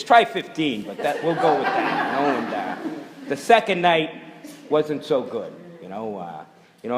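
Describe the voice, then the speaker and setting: A middle-aged man talks bluntly through a rambling testimony, dropping "you know" at every turn. His voice sits in a middling register. The sound has a long hall reverb. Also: mid-range voice. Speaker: speaker sharing recovery story. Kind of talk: personal testimony at a recovery meeting.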